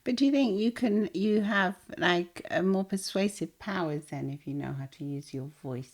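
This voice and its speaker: A woman's voice: mid-range voice, moderate pace. A woman co-hosting a casual chat, reflective and agreeable, often chiming in with short affirmations. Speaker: podcast co-host.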